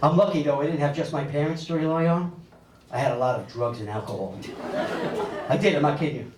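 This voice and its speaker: A man, doing a stand-up comedy set on a club stage with animated storytelling and big pitch swings for punchlines. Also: fast talker. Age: 50s. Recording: echoey club audio, mic a bit distant, loud crowd laughter.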